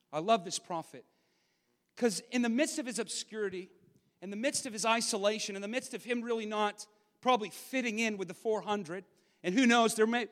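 High-voiced preacher man in a reverberant hall. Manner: emphatic, swinging from loud to hushed. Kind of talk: sermon with Bible reading.

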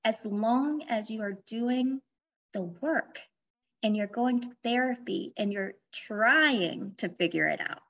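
A woman's voice: fairly high pitch, slow, fairly bright tone. A woman life coach in a casual podcast interview, speaking candidly and explaining with personal examples. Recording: dull lo-fi audio.

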